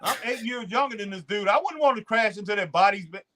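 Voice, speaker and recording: A middle-aged man co-hosting a casual wrestling talk show, animated and drawling, slipping into mimicked voices of wrestlers. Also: sits high, fast talker. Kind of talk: casual chat.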